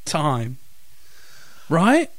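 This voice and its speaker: Goofy male radio co-host, lively. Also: fairly high pitch, extremely slow, no room sound. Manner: goofy, hams up Aussie slang. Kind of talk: joking on-air banter.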